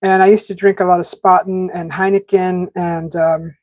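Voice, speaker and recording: A woman's voice: lowish voice, level tone, moderate pace, darkish tone, no echo. A woman hosting a live stream, rambling in casual chat with many fillers and restarts, talking while eating. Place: home garden setting.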